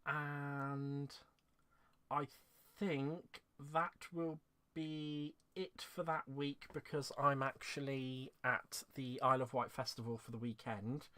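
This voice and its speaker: A man's voice: mid-range voice, fairly even intonation, slow pace, bright, forceful tone, no room sound. A man hosting a craft live stream, speaking in a rambling, heartfelt way while emotional and close to tears. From England. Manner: rambling and heartfelt, laughing through restarts. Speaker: craft channel host. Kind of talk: live-stream sign-off chat.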